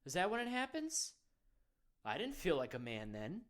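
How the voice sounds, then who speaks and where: A man's voice: high voice, wildly swooping pitch, normal speed, a bit bright, heavily acted. A man playing a self-serious male men's-wellness guru, leading a parody of a guided meditation in an earnest, coaxing, rambling way.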